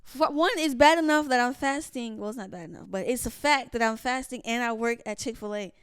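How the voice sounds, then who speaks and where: A young woman co-hosting a faith podcast, telling stories in a casual, animated way and acting out what people said. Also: a little high, a little fast, clear, resonant tone, no echo, clean studio sound. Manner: animated storyteller, acts out quotes, many restarts. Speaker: podcast co-host. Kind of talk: casual storytelling chat.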